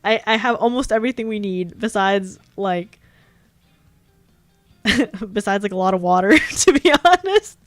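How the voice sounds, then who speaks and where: A woman's voice: mid-range voice, lively intonation, measured pace, long pauses, no room sound, faint music behind. A young woman with a Californian accent, rambling and giggling through a casual stream chat.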